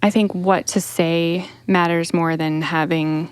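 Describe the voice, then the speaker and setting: A woman co-hosting a podcast and speaking as a clinician, explaining calmly and steadily with frequent "you know" fillers. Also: fairly low pitch, measured pace, clean tone, no echo. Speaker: podcast co-host and mental health clinician. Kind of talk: casual faith-based discussion.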